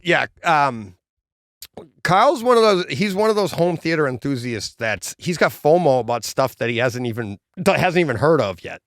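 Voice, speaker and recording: A man's voice: a little high, very animated, normal speed, no room sound, clean studio sound. A man co-hosting a podcast, telling stories animatedly, mimicking people and laughing often. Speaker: podcast co-host. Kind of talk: casual chat.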